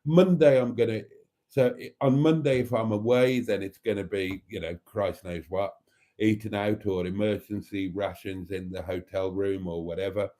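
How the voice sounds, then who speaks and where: Chatting away on a casual livestream, this host reads out viewer comments theatrically and addresses everyone as darlings. His voice sits on the low side, warm, with fairly even intonation at a normal speed.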